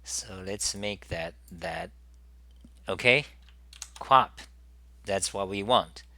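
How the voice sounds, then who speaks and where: A man hosting a live software demo, thinking aloud with halting restarts and repeated words as he works. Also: lowish voice, no echo. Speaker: programming tutorial host.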